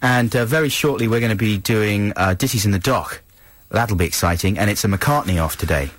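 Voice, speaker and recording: A man's voice: lowish voice, a little fast. A male radio host chatting and rambling through links, with plenty of hesitation. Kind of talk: radio banter.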